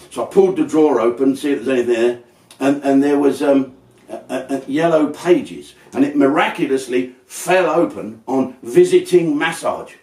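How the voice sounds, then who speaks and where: A man's voice: medium pitch, lively intonation, normal speed, darkish tone, recorded from a distance. A man telling a crude, brash comic story, acting out the people in it. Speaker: comedian. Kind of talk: stand-up storytelling. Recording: roomy and off-mic.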